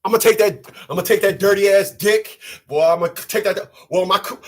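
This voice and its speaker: High husky man in a profane rant. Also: normal speed. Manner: profane, emphatic, often shouting. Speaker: channel host. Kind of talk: ranting commentary.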